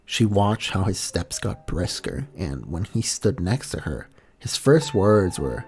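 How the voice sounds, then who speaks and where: Slow, animated man reading fan fiction aloud. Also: low voice, husky, soft background music. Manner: casual, laughs at own mix-ups, swears. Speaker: streamer.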